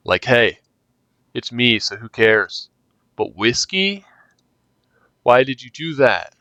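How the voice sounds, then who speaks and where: A man's voice: medium pitch, very animated, takes it slowly, pauses often, pushed and bright, dry recording, dull audio. A young man reading a story game aloud and reacting casually, joking and swearing between lines. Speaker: gaming youtuber.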